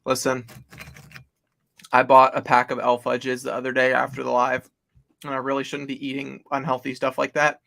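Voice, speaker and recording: A laid-back man joking along as co-host of a live stream. His voice is full of gravelly fry. It sits at a middle pitch. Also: monotone, moderate pace, pushed and bright. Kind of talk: casual livestream chat.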